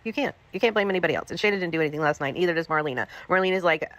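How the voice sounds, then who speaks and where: A woman's voice: on the low side, very fast, fairly bright tone. A woman livestreamer scolding someone in a profane, repetitive, angry rant.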